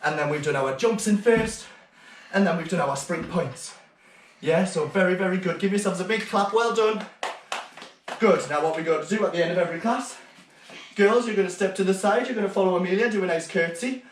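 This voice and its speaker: A man teaching an online ballet class for small children, calling out steps and counting the beats with steady encouragement. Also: sits high, a little fast, echoey room, recorded from a distance, slight background noise.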